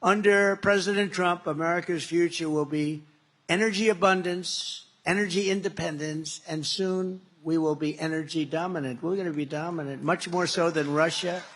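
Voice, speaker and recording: A man's voice: a little high, steady tone, normal speed, a bit bright. A man speaking as a political candidate in a campaign rally speech, rambling and repetitive with emphatic stresses.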